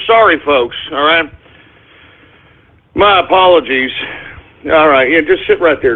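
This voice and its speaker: A man with a high-pitched voice hosts a comic talk radio show over a thin, phone-like line. He rambles to his listeners and keeps snapping, exasperated, at people and pets off the air. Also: lively intonation, a little slow, pauses often. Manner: exasperated, scolding asides to an unseen crew and a dog. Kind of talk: comedic talk radio monologue. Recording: phone-like narrow-band audio.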